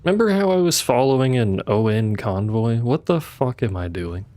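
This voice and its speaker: Warm-toned and mid-range, this gamer's voice has lively intonation and moves at a normal speed. He keeps up casual live commentary for his viewers, muttering to himself and swearing from time to time.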